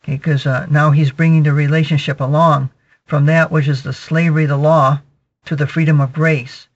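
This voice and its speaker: Male preacher, slightly high voice, steady teaching cadence, repeats "okay" a lot; muffled lo-fi recording. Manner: measured teaching, peppered with "okay" and repetitions. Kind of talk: sermon, verse-by-verse Bible exposition. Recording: dull lo-fi recording.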